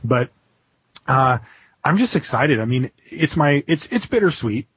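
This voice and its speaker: Excitable, husky-voiced man on a podcast. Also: medium pitch, unhurried. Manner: excited, rambling with frequent restarts and fillers. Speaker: interview guest. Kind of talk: casual interview. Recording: dull lo-fi podcast audio.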